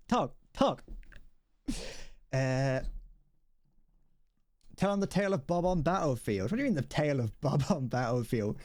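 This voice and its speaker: A man's voice: medium pitch, darkish tone, no echo, studio quality. A British man streaming a video game, chatting casually and rambling with jokes. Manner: joking and rambling. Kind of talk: casual live-stream chat.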